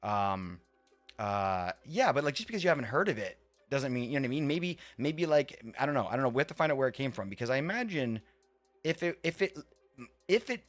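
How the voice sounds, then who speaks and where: A man's voice: medium pitch, sing-song, fairly quick, faint music behind. Rambling man streaming a game. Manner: rambling, repeats and restarts, swears offhand. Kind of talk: casual live-stream chat.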